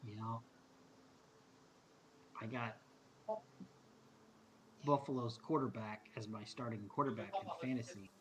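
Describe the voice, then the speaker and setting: Relaxed man chatting casually. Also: fairly low pitch, slow pace, long pauses, crowd noise, low-quality recording. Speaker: player. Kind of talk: casual chat.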